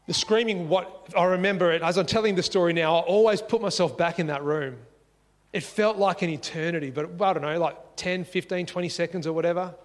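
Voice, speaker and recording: An Australian man telling a personal story in a lively, conversational way, acting out the dialogue as he goes, seated at home at a dining table. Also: high-pitched, brisk, long reverb tail. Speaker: speaker sharing a life story.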